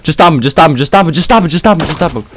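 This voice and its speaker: A man's voice: fairly high pitch, racing, slight background noise. Young guy narrating his game, swears a lot, voice jumps all over the place. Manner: excitable, slangy, swearing, sudden yelps. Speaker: gaming video creator. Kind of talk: live gameplay commentary.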